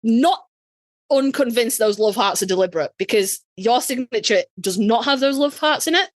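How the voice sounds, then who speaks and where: A woman's voice: a little high, normal speed, no room sound. A woman from Yorkshire with a Yorkshire accent, co-hosting a podcast and telling a story in casual chat, swearing freely and acting out quotes. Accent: Yorkshire English. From Yorkshire, England. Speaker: podcast co-host.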